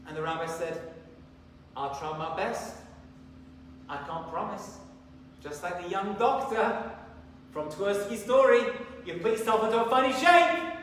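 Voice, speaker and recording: Rabbi preacher, high-voiced, telling stories with acted-out lines, recorded far off in a big reverberant hall. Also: male voice, unhurried, long pauses, slight background noise. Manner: animated storyteller, acts out dialogue. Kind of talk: sermon with storytelling. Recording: echoey hall from far off, faint ambience.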